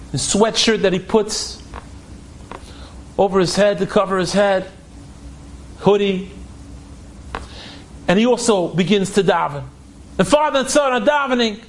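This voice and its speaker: A male storyteller with a strikingly high voice tells an inspirational story. He is emotive and acts out each character's lines, repeating phrases for emphasis. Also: a little hiss or hum.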